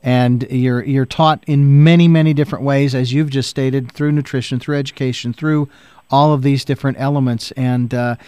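A man's voice: medium pitch, fairly even intonation, normal speed, a little mellow, smooth, dry recording. A male radio host who asks long, meandering questions with plenty of fillers. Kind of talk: casual interview.

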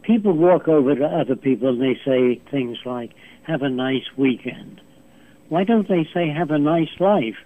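A man's voice: medium pitch, animated, moderate pace. Man in his nineties on a tinny phone line. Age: 90s. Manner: emphatic, explains with examples and rhetorical questions. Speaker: guest. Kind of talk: lecturing interview answers.

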